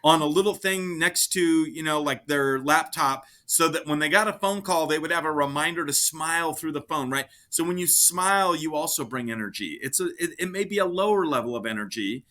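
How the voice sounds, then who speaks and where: An energetic man co-hosting a relaxed advice talk, keeping his tone upbeat. His voice sits a little high and rings bright and forceful. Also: a little fast, few pauses. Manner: energetic, upbeat, gives lively examples. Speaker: podcast co-host. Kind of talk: casual advice chat.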